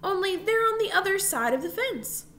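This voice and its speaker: A woman's voice: extremely high pitch, big pitch swings, moderate pace, fairly bright tone, a little hiss or hum, voice pushed up, exaggerated voice. A woman reading the part of a thoughtful young boy, careful and earnest in a storybook.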